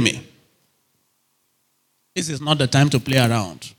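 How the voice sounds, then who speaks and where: A man's voice: medium pitch, animated, unhurried, pauses often. A man preaching a sermon, emphatic and repetitive, often checking whether his listeners are still with him. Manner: emphatic, repeats phrases, asks the audience if they are still there.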